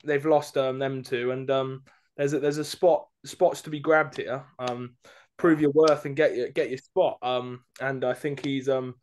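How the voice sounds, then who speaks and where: A man co-hosting a sports podcast, talking casually and hesitantly with many pauses and fillers. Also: mid-range voice, flat delivery, a little mellow. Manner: hesitant, lots of ums, thinks aloud. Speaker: podcast co-host.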